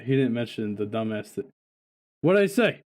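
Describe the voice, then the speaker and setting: A man's voice: medium pitch, very animated, moderate pace, a little mellow. A man co-hosting a podcast, telling stories in casual chat, swearing often and laughing. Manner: profane, laughing storyteller. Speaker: podcast co-host.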